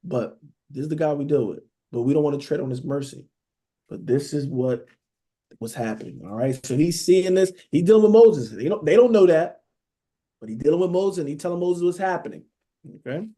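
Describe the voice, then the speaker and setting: A man's voice: on the high side, expressive, a little fast, mellow. Man preaching casually, checking in constantly. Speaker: Bible teacher. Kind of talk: sermon.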